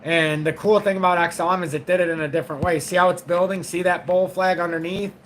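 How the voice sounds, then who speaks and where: A middle-aged man talks markets to his viewers in a bright, forceful voice pitched a little high. He is blunt and frank, swears freely, and speaks casually over a faint noise in the background. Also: steady tone, fast talker, low-quality recording. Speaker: crypto trading channel host.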